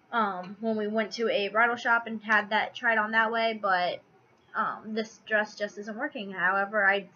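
A woman's voice: mid-range voice, sharp tone, lo-fi sound. A young woman venting in a casual vlog, stressed out, flustered and apologetic, full of ums and restarts. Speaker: vlogger tracking fertility. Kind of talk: casual rambling vlog rant.

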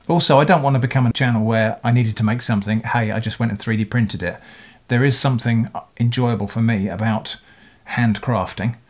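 A man's voice: medium pitch, darkish tone. A middle-aged man, talking casually to camera as a video creator answering comments, thoughtful and rambling, often correcting himself mid-sentence.

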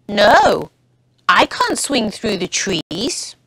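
A woman's voice: medium pitch, very animated, drawn-out words, a bit bright, slightly rough, heavily acted. A woman voicing a small frog in a children's storybook, speaking earnestly and simply. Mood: sad. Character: small young frog, sad then cheerful.

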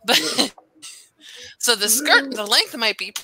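Female streamer, chatty mom, slow rambling delivery, bright timbre. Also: on the high side, gravelly, breathy edge. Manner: giggly, rambling. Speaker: streamer and mother. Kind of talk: casual chat.

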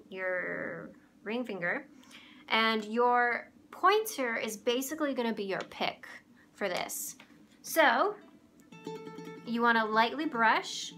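A young woman giving a relaxed, chatty ukulele lesson, often pausing to search for words. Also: a little high. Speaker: ukulele teacher. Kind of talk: casual instrument tutorial. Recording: clear ukulele playing behind the voice.

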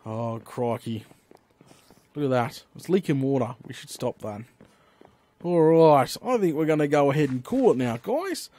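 A young man, chatting excitedly to himself while he plays a building game as the host of his channel. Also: mid-range voice, moderate pace. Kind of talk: Minecraft let's play commentary.

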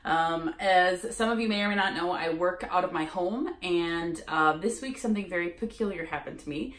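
Woman, casual storytelling vlog, lively voice, acts out quotes, echoey room. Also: lowish voice, moderate pace. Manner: animated, acts out quoted lines. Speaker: sales coach. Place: home office.

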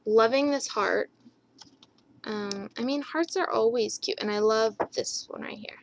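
Woman vlogger, bubbly high voice, gushing show-and-tell haul, chatty and rambling. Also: unhurried, slight background noise, rough recording. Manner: gushing, repeats her enthusiasm ("love, love, love").

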